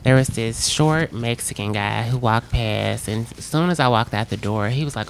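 A woman from Alabama, co-hosting a casual podcast and telling stories with lively acted-out quotes. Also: very deep voice, normal speed, gravelly, hardly any pauses, a little hiss or hum. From Alabama, USA. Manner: animated storytelling, acts out quotes. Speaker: podcast co-host. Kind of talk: casual chat.

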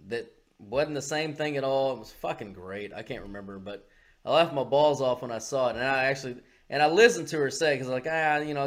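A man with a Southern US accent co-hosting a podcast, blunt and profane, getting loud and animated when riled. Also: medium pitch. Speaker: podcast co-host. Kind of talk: casual podcast banter.

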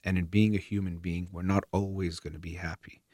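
A man giving steady, earnest parenting advice in a calm explanatory monologue, like a counselor. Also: sits low, fairly quick, no echo, clean studio sound.

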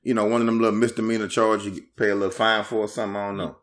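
A man co-hosting a podcast, easygoing and quick to agree in casual chat. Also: on the low side, flat delivery.

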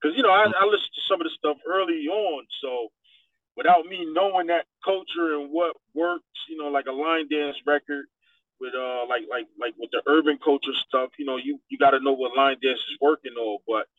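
A man, a DJ, telling stories in a lively way on a radio talk show, acting out what people said. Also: on the high side, moderate pace, no room sound. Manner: animated storyteller, acts out quotes. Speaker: DJ guest. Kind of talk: radio interview. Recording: dry tinny phone-like sound.

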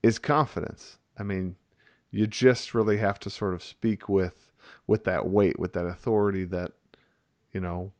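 Male host, teacher, low voice, dry sound, chatty, animated. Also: measured pace, no room sound. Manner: animated, rambling with fillers. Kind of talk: casual conversation.

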